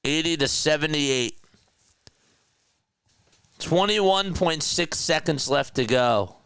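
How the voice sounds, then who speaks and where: Man, South Jersey accent, laid-back play-by-play caller, slightly high voice, clean and dry sound. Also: lively intonation, takes it slowly, gravelly, a bit bright, smooth, dry recording. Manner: chatty, laughs easily, corrects himself mid-call. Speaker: play-by-play commentator. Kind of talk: casual live-stream play-by-play commentary.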